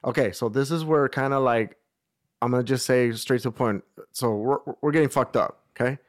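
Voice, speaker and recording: A young man tells friends a story in casual chat, speaking at medium pitch and normal speed. He's animated, swears freely, uses lots of slang, and acts out what people said.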